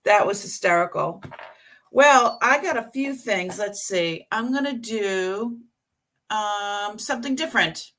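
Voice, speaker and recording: A woman's voice: mid-range voice, a little slow, a bit bright. A woman reseller chatting on a live stream and describing her items in detail. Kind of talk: casual live-stream selling.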